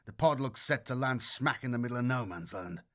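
A man's voice: mid-range voice, animated, brisk, fairly bright tone, natural voice. A man voicing a weary male sergeant who gives terse, dry commands.

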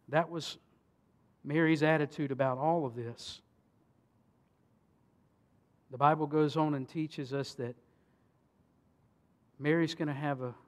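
A man, a pastor, preaching a sermon and reading scripture, swinging between emphatic peaks and hushed solemn passages. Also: a little high, fairly even intonation, takes it slowly, pauses often. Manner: rhetorical questions to the congregation.

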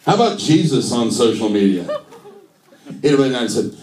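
A man's voice: mid-range voice, very animated, moderate pace, a crowd in the background. A man doing a stand-up set in a comedy club, wry and playful with his jokes. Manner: wry, playful, jokes delivered with shifting emphasis. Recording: roomy club sound, distant mic.

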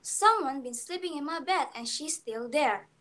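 A whiny little baby bear from a storybook, as a young woman with an Indonesian accent voices him. He insists and cries out in a raised, fairly high voice. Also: lively intonation, normal speed, fairly bright tone. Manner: crying, insistent.

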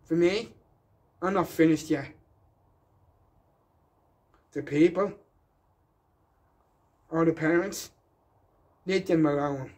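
A man's voice: a little high, slow, pauses often, darkish tone. A man delivering a rambling, defiant rant in a slightly raised voice. He hammers his points and circles back to them with insistent emphasis.

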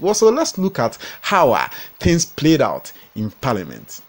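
Ghanaian man, commentary host, animated and melodic delivery. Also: on the high side, a little slow. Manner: animated storytelling with code-switching. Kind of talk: news commentary mixing English and Twi.

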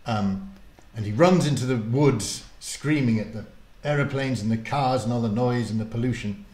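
A man, the author, introducing and reading his children's book aloud in a lively, casual way. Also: medium pitch, moderate pace, reverberant. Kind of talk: storybook reading.

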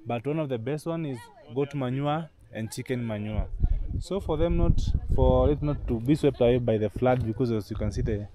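A man narrates a walking vlog outdoors, guiding the viewer through the farmland in an explanatory way and circling back over his points. He speaks at an ordinary pitch, recorded on an action camera. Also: normal speed, noisy background. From Kenya. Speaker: travel vlogger. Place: outdoors on a rural hillside.

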